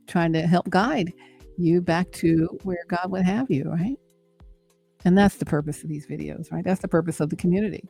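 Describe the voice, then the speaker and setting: A woman's voice: fairly low pitch, normal speed, gravelly, warm tone, slightly rough, faint music behind. A middle-aged woman giving an encouraging faith talk, repeating her points and checking in with "right?". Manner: preachy and encouraging, repeats phrases, asks "right?". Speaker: host and speaker. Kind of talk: inspirational faith talk to camera.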